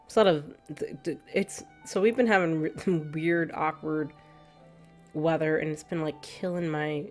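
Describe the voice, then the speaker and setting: A woman streamer with a low, deep-set voice chats loosely with her viewers, laughing often as she rambles. She sounds slightly stuffy from allergies. Faint background music sits under her voice. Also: fairly even intonation, normal speed, a little mellow. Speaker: gaming streamer. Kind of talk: casual chat with stream chat.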